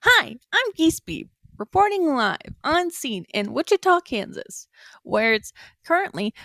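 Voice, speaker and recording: A woman's voice: high voice, very animated, unhurried, a bit bright, dry recording, voice pushed up, heavily acted. A woman in whispered role-play as a perky field news reporter, reading a weather report in mock-formal tones and breaking into giggles, recorded in her bedroom. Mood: hushed mock-serious. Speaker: podcast co-host.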